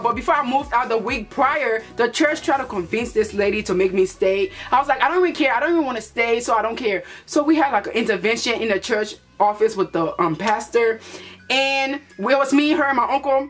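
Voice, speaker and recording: Young woman from liberia, high voice, animated storytime, faint music behind. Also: normal speed. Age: young adult. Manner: animated, playful storytelling with put-on voices for relatives. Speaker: vlogger. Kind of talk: storytime vlog.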